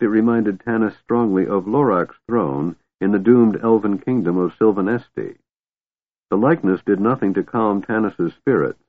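A man narrates an audiobook at a measured storytelling pace. His voice sits very low. The sound is narrow and phone-like, and completely dry. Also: dry recording. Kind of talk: scripted narration. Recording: thin phone-like dry recording.

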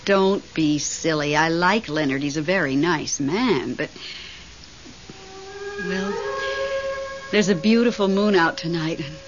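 An actress in a vintage radio drama, playing a lonely widowed woman haunted by her late husband, who is lively and easily startled. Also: low-pitched, slow, pauses often, full character voice. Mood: wistful. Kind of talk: 1970s radio drama acting. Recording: dull hissy old radio recording.

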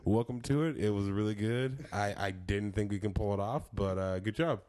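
A man's voice: on the low side, moderate pace, darkish tone. A man co-hosting a podcast in casual chat, joking, laughing often and rambling. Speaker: podcast co-host.

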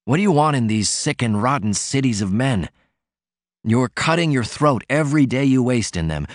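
A man's voice: mid-range voice, no echo, studio quality, natural voice. A man voicing an ailing, sardonic male poet who speaks with scornful, passionate declamation.

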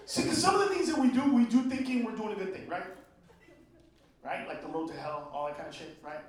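Profane, shouting high-voiced comedian on stage. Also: male voice, brisk. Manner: profane, ranting, often shouting. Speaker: stand-up comedian. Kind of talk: stand-up routine. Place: stage before a live audience. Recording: echoey venue, distant mic, crowd laughter. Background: audience laughter and room noise.

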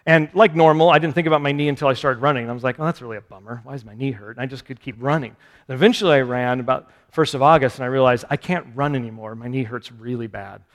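A man's voice: medium pitch, fairly even intonation, quick pace. A male pastor giving a conversational sermon, poking fun at himself and putting questions to his listeners. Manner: conversational, self-deprecating, rhetorical questions to listeners. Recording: long reverb of a large hall.

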